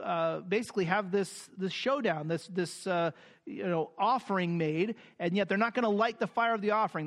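A pastor preaching a sermon, explaining scripture with many fillers and restarts, then reading the verses aloud with rising emphasis. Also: male voice, sits high.

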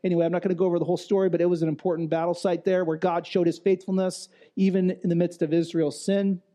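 A man's voice: high-pitched, level tone, fast, dark tone. A male pastor giving a sermon in a conversational way, with restarts and emphatic repetition.

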